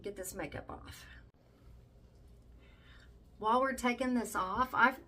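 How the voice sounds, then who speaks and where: A woman's voice: a little high, slow, bright, forceful tone, a little hiss or hum, low-quality recording. An older woman chatting casually to her viewers while she cooks at home, tender and emotional. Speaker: vlogger. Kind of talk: casual vlog chat while cooking. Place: home kitchen.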